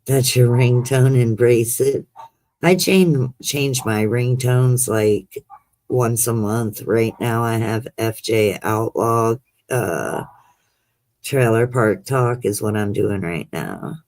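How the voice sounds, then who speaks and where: A woman's voice: extremely low pitch, slow pace, a little mellow, no echo. A middle-aged woman hosting a livestream chat, rambling along and calling her guests honey. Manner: rambling, chatty, calls people honey. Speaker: livestream host. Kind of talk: casual chat.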